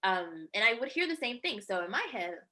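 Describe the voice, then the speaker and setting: A woman who works as a TV reporter and anchor, talking as a guest in a casual interview, articulate and lively and quick to laugh. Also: medium pitch.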